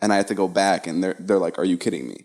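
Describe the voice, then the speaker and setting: A man's voice: sits low, rapid-fire, a little mellow. A young man co-hosting a podcast in casual chat, talking earnestly and repeating words as he restarts his sentences. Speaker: podcast co-host.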